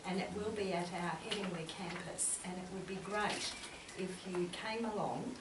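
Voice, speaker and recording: A woman academic briefly announcing an event to a seminar audience in a brisk, friendly, jokey way. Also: fairly low pitch, fairly even intonation. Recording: echoey room, distant mic, loud background noise.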